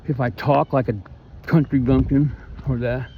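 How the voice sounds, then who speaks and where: A man's voice: medium pitch, steady tone, moderate pace, dark tone, dull audio. Guy with a missouri twang ranting into the camera, aggrieved and rambling, faint hum and an animal somewhere behind. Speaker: vlogger. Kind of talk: vlog monologue.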